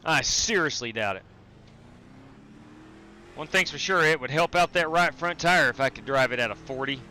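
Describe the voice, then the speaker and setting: Bright-voiced male sim racing streamer. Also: on the high side, expressive, normal speed, slight background noise. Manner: chatty, greets chat viewers while driving; frequent fillers and restarts. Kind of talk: casual live-stream commentary.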